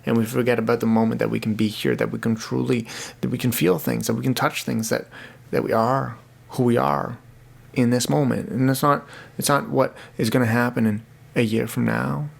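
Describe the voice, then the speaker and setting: A man's voice: medium pitch, steady tone, a little fast, gravelly. A young man hosting his own podcast, talking alone in an earnest, rambling way and often repeating words as he restarts. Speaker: podcast host. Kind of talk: casual solo podcast monologue.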